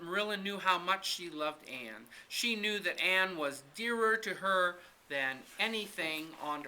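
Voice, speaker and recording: A man reading a children's storybook aloud with expressive narration. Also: fairly high pitch, a little hiss or hum. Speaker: reader.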